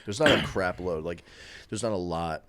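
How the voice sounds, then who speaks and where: A man's voice: low-pitched, moderate pace, fairly bright tone. A man co-hosting a casual podcast, talking in a loose, rambling way with lots of restarts and fillers. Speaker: podcast co-host.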